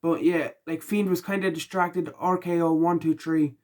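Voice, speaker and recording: A tired man talking casually through his reactions, rambling with lots of ums and likes, and rising loud and high when he gets annoyed. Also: fairly even intonation, normal speed. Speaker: wrestling reaction vlogger. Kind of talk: casual spoken reaction vlog.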